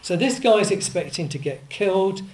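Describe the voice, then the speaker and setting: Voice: medium pitch, expressive, normal speed, darkish tone, poor audio. Older preacher, rambling sermon. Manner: conversational and digressive, with asides and self-corrections.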